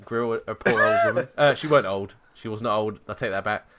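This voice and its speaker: A man co-hosting a podcast, telling a story in a sweary, animated way and mocking the people he quotes. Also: on the low side, fast talker. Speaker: podcast co-host. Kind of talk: casual chat.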